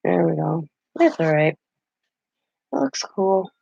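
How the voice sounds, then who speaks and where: A woman's voice: fairly low pitch, animated, slow, creaky, warm tone, slightly rough, no echo. A grandmother in her fifties chatting casually while she crafts, laughing often and greeting viewers. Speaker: craft vlogger. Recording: dull lo-fi livestream audio.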